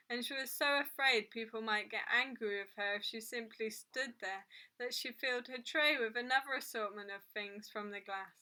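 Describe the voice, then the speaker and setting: A woman reads a children's novel aloud with a bright, forceful tone and a slightly high voice. Her reading is clear and steady, the lines set out evenly. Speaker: storyteller.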